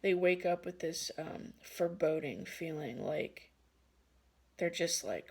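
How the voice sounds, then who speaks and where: A woman's voice: lowish voice, expressive, slow. A woman giving a casual tarot reading who laughs often and swears freely. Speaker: tarot card reader.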